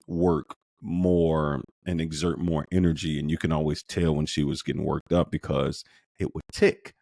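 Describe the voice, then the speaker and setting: A man hosting a podcast, telling a personal story in an animated way, his voice lifting as he gets excited. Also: no room sound, clean studio sound. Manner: animated, lifts his pitch when excited, frequent restarts. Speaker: podcast host.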